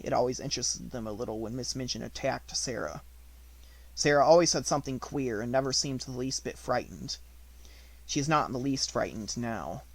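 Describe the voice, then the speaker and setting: An audiobook narrator reads a classic novel aloud in a steady, even storytelling voice. His mid-range voice is gravelly, and the audio quality is poor.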